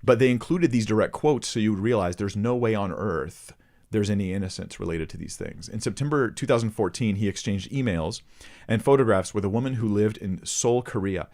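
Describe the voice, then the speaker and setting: A man's voice: fairly low pitch, fairly quick, a little mellow. A man hosting a ministry channel, reading a report aloud and stopping to comment earnestly to his viewers. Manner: earnest, addresses viewers directly. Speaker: host of a Christian ministry channel.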